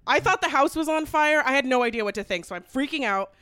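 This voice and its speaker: A young woman co-hosting a podcast, telling a story in a dramatic, animated casual chat. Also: sits high, fast. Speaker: podcast co-host.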